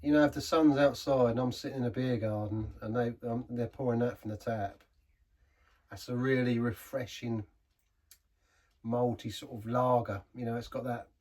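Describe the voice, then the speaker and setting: A man talks through a beer in a casual review. His voice is husky and sits back from the mic, a bit distant in the recording. He rambles, trails off and restarts mid-sentence. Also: mid-range voice, fairly even intonation, normal speed, a little mellow.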